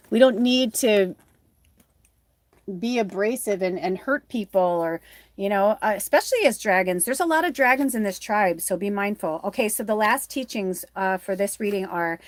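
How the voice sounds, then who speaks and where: A woman's voice: mid-range voice, no echo. A woman running a live tarot reading, rambling and encouraging in a casual, chatty way. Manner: rambling, chatty, many fillers; earnest and encouraging to viewers. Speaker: tarot reader and spiritual medium.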